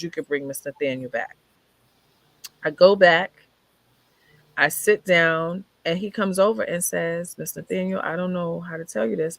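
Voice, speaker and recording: A woman's voice: on the low side, fairly bright tone, no room sound. A woman telling a personal story in a conversation, acting out what people said as she goes. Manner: vivid retelling, acting out what others said. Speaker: guest sharing her life story. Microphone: video call.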